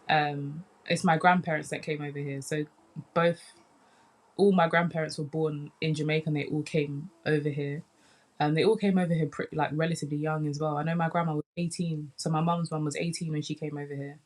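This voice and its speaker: A young woman from the UK, a comedian chatting casually in an interview, animated and relaxed, often saying "man". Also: sits low. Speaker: comedian guest.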